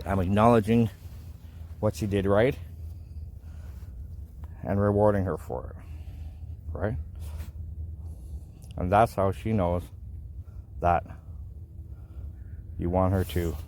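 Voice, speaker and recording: A man's voice: sits low, slow, pauses often, warm tone, a little hiss or hum. A man explaining dog training in a casual, folksy way, often checking in with "right?". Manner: folksy, repeats himself, asks "right?". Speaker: dog owner teaching training. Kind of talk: casual instructional vlog.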